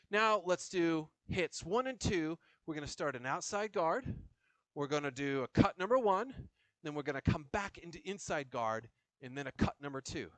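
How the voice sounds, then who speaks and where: A male fencing coach talks through a saber drill, calling out cuts and guards as he moves. His pitch swings up and down a lot, and the sound is dry and close with no room around it. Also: no room sound. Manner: lively, chatty, jokey asides with laughs; counts drill calls while moving. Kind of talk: demonstration lesson.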